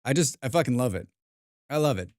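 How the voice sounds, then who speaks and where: Give me a man from the United States chatting off the cuff on a game stream, medium pitch, dry and close. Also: expressive, fairly quick, a little mellow, no room sound. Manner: rambling, profane, self-mocking. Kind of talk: casual chat while streaming.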